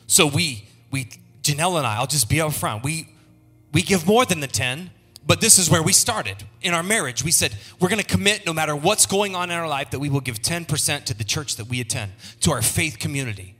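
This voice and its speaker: A middle-aged male pastor preaching a sermon, leading the congregation in call-and-response and swinging from low murmurs to soaring shouts. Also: husky.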